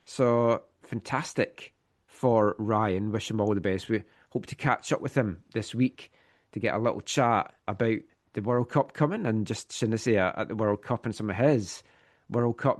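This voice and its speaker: A man hosting a sports podcast, running through club news in a steady, informative way with a touch of wry humour. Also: on the low side. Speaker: podcast host. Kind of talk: casual sports news rundown.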